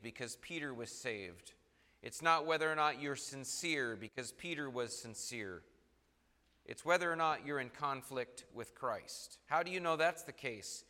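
A man's voice: mid-range voice, bright, forceful tone. A man preaching a sermon, reading scripture aloud in old formal wording and stressing points with rising and falling emphasis. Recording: long hall reverb.

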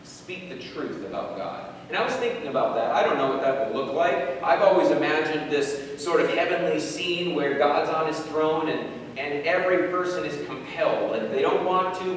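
Preacher, male, informal reflective sermon, voice distant in a very reverberant hall, faint background hiss. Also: a little high. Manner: thinking aloud, repeats words, rhetorical questions. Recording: very echoey hall, voice from afar, faint noise.

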